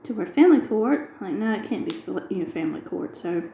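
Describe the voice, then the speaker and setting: While diamond painting on her craft video, this middle-aged woman tells a long everyday story, quoting dialogue along the way. She speaks briskly and expressively in a mellow, medium-pitched voice. The recording is rough and reverberant, with a little hiss or hum.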